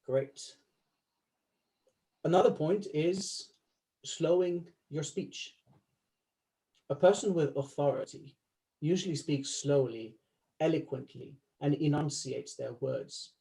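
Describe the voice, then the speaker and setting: A male life coach giving a coaching talk to a small group, instructive, slowing down to stress key words and laughing easily. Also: on the high side, gravelly, warm tone, low-quality recording.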